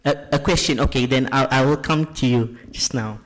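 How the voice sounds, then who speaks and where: A man's voice: medium pitch, moderate pace. A man moderating a question session in a lecture hall, polite and full of fillers.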